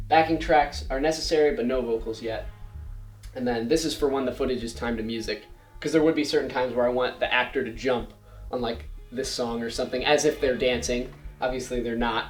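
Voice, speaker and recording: A teenage boy talks through his project slides in a relaxed, chatty way, explaining each step as he goes. His mid-pitched voice rings out in a roomy space. Faint music plays underneath. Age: late teens. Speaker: student presenter. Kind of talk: casual slideshow presentation. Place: school presentation room.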